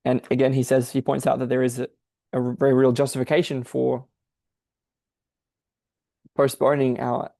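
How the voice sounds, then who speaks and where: A man's medium-pitched, level voice carries vocal fry and a dark tone as he talks at normal speed, often pausing. He's a podcast host thinking through a difficult text aloud, searching and explaining in exegetical commentary. No echo is audible.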